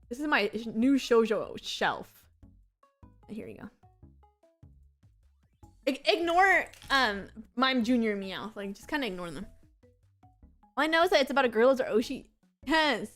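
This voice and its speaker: A young woman chatting on a casual stream, excitable and rambling, with many "like"s. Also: on the high side, a little slow, long pauses, soft background music. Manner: excitable, rambling, heavy use of "like". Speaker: VTuber streamer.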